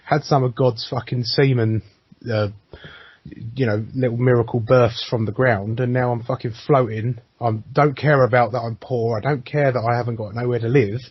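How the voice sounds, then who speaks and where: A man's voice: medium pitch, steady tone, moderate pace, slightly rough, no echo. A man co-hosting a podcast, chatting casually, laughing often, swearing, and acting out quoted voices. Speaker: podcast co-host. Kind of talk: casual chat. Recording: dry, muffled lo-fi sound.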